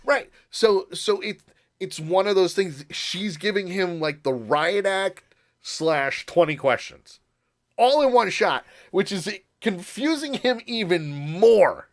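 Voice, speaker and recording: A man co-hosting a casual podcast, recapping an episode in an animated way, laughing and slipping into voices for quotes. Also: high voice, slow pace. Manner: animated, laughing, puts on voices when quoting. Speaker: podcast co-host.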